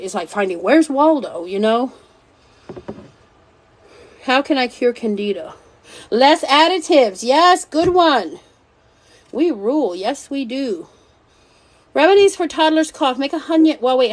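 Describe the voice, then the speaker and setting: A middle-aged woman hosting a wellness livestream, blunt and sassy, preaching to her viewers and reading their comments. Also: high-pitched. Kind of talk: live stream chat with viewers.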